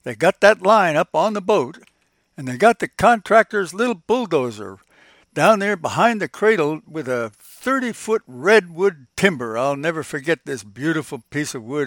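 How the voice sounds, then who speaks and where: A man's voice: on the high side, lively intonation, unhurried, a bit bright, dry recording, studio quality. An older man hosting a podcast, telling old stories in a folksy, reminiscing way and chuckling often as he goes. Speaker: podcast host. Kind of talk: casual reminiscing storytelling.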